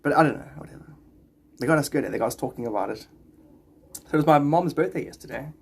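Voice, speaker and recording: A man's voice: fairly high pitch, quick pace, creaky, husky. Rambling, chatty man on a livestream. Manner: rambling and chatty, greets viewers by name. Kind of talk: casual livestream chat with viewers.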